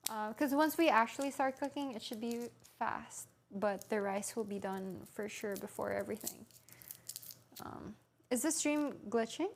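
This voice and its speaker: A woman's voice: on the high side, unhurried, gravelly, a little hiss or hum. A woman streaming live from her home kitchen, chatting playfully while cooking and answering her chat aloud.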